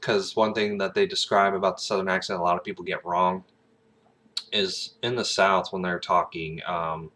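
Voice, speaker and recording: A man's voice: deep voice, flat delivery, moderate pace, sharp tone. A man vlogging about acting in a casual, rambling monologue full of fillers and laughter. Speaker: aspiring actor, vlogger.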